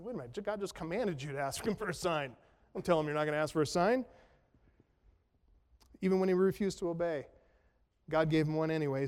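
A male pastor with a fairly high voice delivers a sermon, chatty and wry, full of rhetorical questions and self-mocking jokes. His words ring out with a long reverb in a large church hall. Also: fairly quick, a little mellow. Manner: conversational, self-deprecating humor, rhetorical questions. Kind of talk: expository sermon.

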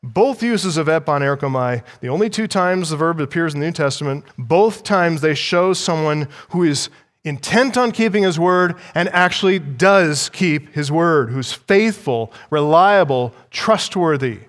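A man with a somewhat high voice preaches an expository sermon from the pulpit. He speaks in a measured, emphatic way, repeating key phrases and putting rhetorical questions to the congregation. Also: animated, fairly bright tone, big-room sound. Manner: teaching, asks the listeners rhetorical questions. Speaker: pastor.

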